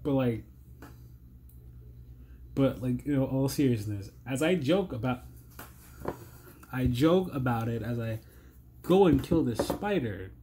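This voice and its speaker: A worn-out man with a strained voice rambles through a casual reaction commentary at a medium pitch. He stammers, repeats himself and swears freely, sounding thoroughly exasperated. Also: expressive, takes it slowly, long pauses, background noise. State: tired, strained voice. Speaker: reaction video host.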